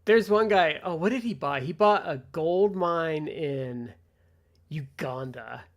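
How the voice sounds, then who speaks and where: A man co-hosting a casual podcast, chatting in animated bursts and acting out quoted reactions. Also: on the high side, slow. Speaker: podcast co-host. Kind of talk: casual chat.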